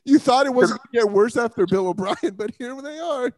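High-pitched guy hosting sports talk, laughs a lot, super dry mic. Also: fairly quick, no echo. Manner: laughs often, animated and joking. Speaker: sports talk show host.

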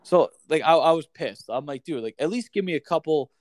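Chatty man telling a story, slightly high voice. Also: fairly quick, no echo. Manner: animated, swears freely, heavy use of "like" and "dude". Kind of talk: casual storytelling chat.

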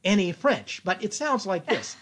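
A man talking as a guest in a casual interview, playful and lively, with many restarts. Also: sits high, moderate pace, slightly rough. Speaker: guest, creative thinking consultant.

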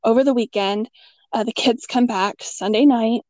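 A middle-aged woman telling a ghost story in casual chat, acting out her own quotes with big jumps in pitch. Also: normal speed, darkish tone, no echo.

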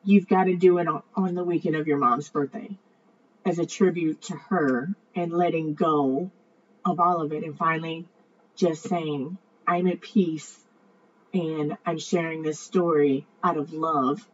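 Earnest female vlogger, lower voice, rambling monologue; muffled lo-fi recording. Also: a little slow. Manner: earnest, rambling, repeats words, grows excited. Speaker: vlogger sharing a personal story. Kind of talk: emotional personal monologue. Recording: dull lo-fi audio with faint ambient noise.

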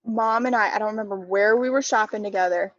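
Woman, podcast co-host, relaxed casual chat, dull lo-fi audio. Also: mid-range voice, fast, dry recording.

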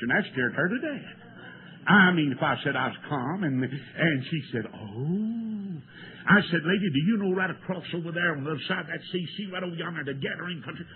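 An older man, preaching a folksy storytelling sermon that swells into shouts and tearful cries. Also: a little high. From American. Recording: tinny lo-fi old sermon tape with faint hiss.

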